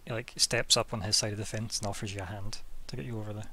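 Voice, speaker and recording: A man narrating as game master of a tabletop game in a relaxed, soft-spoken way with many fillers, over a video call. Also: fairly low pitch, fast.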